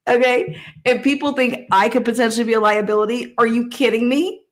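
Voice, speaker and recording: Woman, livestream host, ranting reaction, heavy swearing, mocking, slightly high voice. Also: steady tone, a little fast. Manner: swearing, mocking, bursts of laughter. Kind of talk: profane reaction rant.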